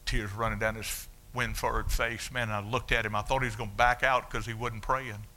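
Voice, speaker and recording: A man, preaching a sermon as a story of his own life, dropping low and then shouting out the punch lines. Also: level tone, a little fast. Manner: storytelling, swings from hushed to shouting. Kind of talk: sermon testimony.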